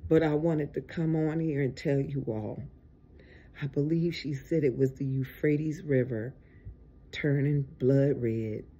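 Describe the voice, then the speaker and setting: Weary and exasperated, an internet preacher drags out forceful exhortations in a loose video sermon. His mid-range voice is mellow and husky with fairly flat intonation, and the top end of the audio is cut off.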